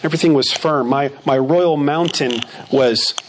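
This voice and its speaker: A man delivers a sermon in an earnest way, his voice sitting a little high for a man. He reads verses aloud and repeats key phrases to drive them home. A faint background hum is heard under the recording. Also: normal speed. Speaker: preacher.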